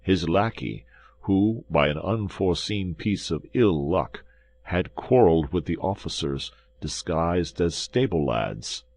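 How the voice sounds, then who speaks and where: A man's voice: deep voice, animated, a little slow, a little mellow, no room sound, full character voice. A man voicing a frightened innkeeper who pleads in a trembling, pitiable voice. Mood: anxious.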